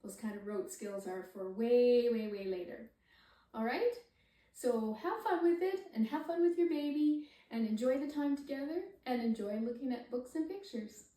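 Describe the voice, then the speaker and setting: A woman parenting coach explains how to read with a baby, then slips into gasping, high, sing-song baby talk to demonstrate. Her voice is mellow and a little high, recorded from some distance in a roomy, echoing space. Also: moderate pace. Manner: gasps and swoops up high when modeling talk to the baby. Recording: echoey room, somewhat far from the mic.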